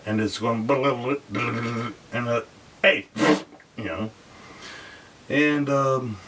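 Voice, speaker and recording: A man's voice: medium pitch, fairly bright tone, distant mic, a little hiss or hum. A man telling a rambling dream story casually, with lots of fillers and voices acted out.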